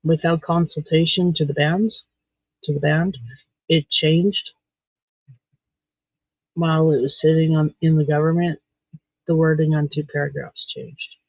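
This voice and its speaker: A man's voice: on the high side, flat delivery, moderate pace, gravelly, no echo. A man from Canada chatting casually on a livestream while beading, giving blunt, candid opinions. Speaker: livestream host. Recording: tinny phone-like dry sound.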